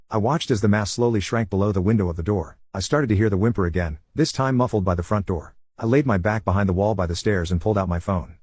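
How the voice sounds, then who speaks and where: A man reads a scary tale at a quick, even pace. His voice sits low and has a husky edge. The sound is dry and close, with no room around it. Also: no echo. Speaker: narrator. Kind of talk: scripted horror story narration.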